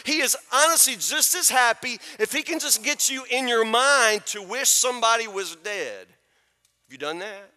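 A man's voice: extremely high pitch, pushed and bright, long reverb tail. A man preaching a sermon as pastor, emphatic, repeating his phrases and asking the listeners questions.

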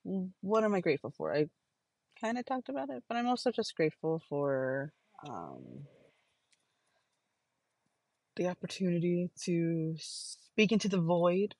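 A podcast host records a casual, stream-of-consciousness audio journal on her phone's voice recorder while sitting in a car, rambling with lots of fillers and self-corrections. Her voice is lowish and darkish, very animated, at a moderate pace. The recording is rough, with no echo.

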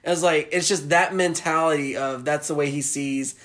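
A man from the American South in casual chat, rambling excitedly and acting out movie lines. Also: a little high, normal speed.

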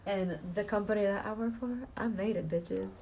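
A woman's voice: mid-range voice, normal speed, dark tone, a little hiss or hum. A woman in her twenties from Ohio, co-hosting a podcast in casual chat, joking and giggling often. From Toledo, Ohio, US. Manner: joking and giggly, slips into playful put-on voices. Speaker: podcast co-host.

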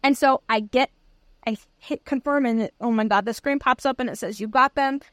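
A young woman co-hosting a podcast, telling a story in an excited, rambling way in casual chat. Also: a little high, fairly quick, no room sound, studio quality. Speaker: podcast co-host.

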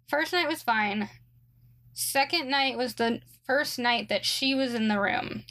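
A young woman with a slightly high voice tells a story in a loose, chatty way. She fills her sentences with likes and ums and drops in dry, sarcastic asides. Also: fairly bright tone. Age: young adult. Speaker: guest telling a story. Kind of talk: casual storytelling chat.

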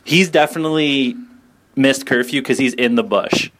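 A man co-hosting a casual podcast chat, joking and animated, often laughing between quick asides. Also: medium pitch. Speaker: podcast co-host.

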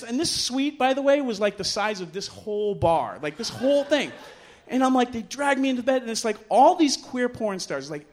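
Animated man telling a bawdy story on stage. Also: a little hiss or hum. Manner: animated, self-mocking, acts out quotes with loud jumps in pitch. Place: bar stage before a live audience.

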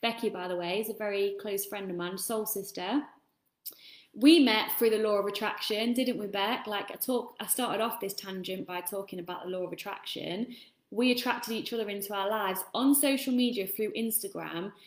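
A woman's voice: mid-range voice, moderate pace. Chatty woman coach, echoey room. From England. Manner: chatty, rambling, swears freely. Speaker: self-love coach. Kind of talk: casual motivational talk.

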